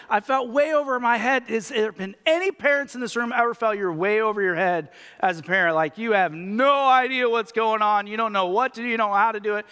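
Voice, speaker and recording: A pastor giving a sermon, telling stories in a casual, animated way with lots of filler words. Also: male voice, extremely high pitch, fairly quick, hardly any pauses, clear, resonant tone. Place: church auditorium. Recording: long hall reverb.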